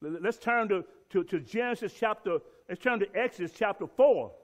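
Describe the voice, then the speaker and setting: A man's voice: high voice, animated, a little fast. A man teaching a Bible lesson and reading scripture aloud, emphatic and repeating key words for stress.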